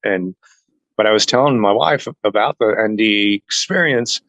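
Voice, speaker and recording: A man telling a personal story to an interviewer in a casual chat, earnest and animated, acting out what others said. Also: on the low side, moderate pace, no room sound, rough recording. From family heritage is Norwegian. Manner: earnest, animated retelling that acts out other people's lines. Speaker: interview guest.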